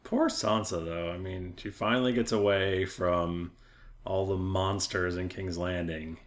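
A man's voice: low-pitched, fairly even intonation, unhurried. A man co-hosting a podcast, chatting casually with a wry sense of humor. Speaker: podcast co-host. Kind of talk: casual chat.

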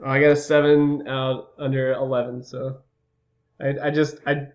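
The recording is muffled as a player in a tabletop role-playing game narrates his character's actions in an animated way, laughing and restarting quickly. His mid-range voice shows little pitch movement.

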